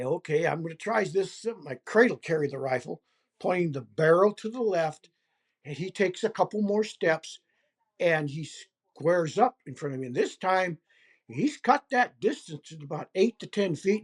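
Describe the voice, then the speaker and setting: A man who is an interview guest, telling a first-person story deliberately and acting out gestures as he describes them. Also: on the high side, breathy edge. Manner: deliberate, acts out gestures as he narrates. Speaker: interview guest recounting a hunting encounter.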